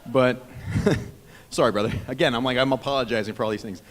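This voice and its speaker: A man in his thirties giving a rambling, heartfelt wedding toast as the groom's brother, teasing himself between warm words. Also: medium pitch, steady tone, fairly quick. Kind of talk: wedding speech. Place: wedding reception hall. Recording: long reverb of a reception hall.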